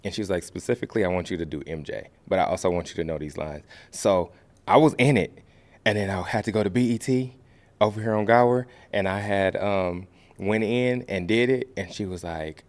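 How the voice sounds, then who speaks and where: A man from the American Midwest, a podcast guest and actor, telling a story in a relaxed way and acting out the voices of the people in it. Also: fairly low pitch, fairly quick. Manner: animated, acts out quoted voices. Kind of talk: casual storytelling.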